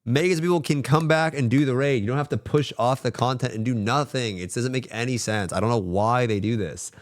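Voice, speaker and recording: A young man streaming, ranting casually and swearing a lot, swinging between grumbling and hyped excitement. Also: mid-range voice, fairly quick, no echo, studio quality. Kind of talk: casual livestream rant.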